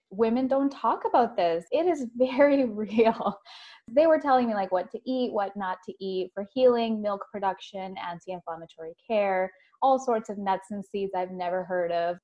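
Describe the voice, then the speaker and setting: A woman's voice: medium pitch, moderate pace, a little mellow, lo-fi sound. A woman hosting an interview, asking questions and sharing personal stories openly with casual fillers. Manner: open, personal storytelling with fillers. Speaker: podcast host. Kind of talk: conversational interview.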